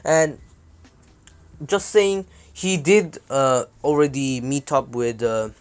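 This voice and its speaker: A man talking through a fan story in an easygoing, unscripted way. He rambles, stops to correct himself and fills pauses with ums and uhs. His voice sits at an ordinary middle pitch. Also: animated, clean tone. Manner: rambling, with many fillers and self-corrections. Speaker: YouTuber retelling a fan story. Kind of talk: casual spoken retelling.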